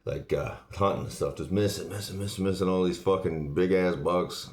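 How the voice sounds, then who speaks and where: A man's voice: deep voice, moderate pace, a little mellow. A man talking bluntly in a casual monologue, swearing constantly as he rants. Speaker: host. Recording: echoey room.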